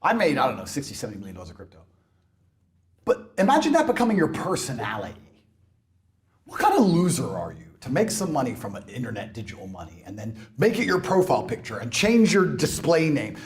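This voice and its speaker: A man in a heated interview, ranting in a brash, mocking way, swinging between loud outbursts and low mutters. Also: wildly swooping pitch, a little fast. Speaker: interview guest. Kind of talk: heated rant.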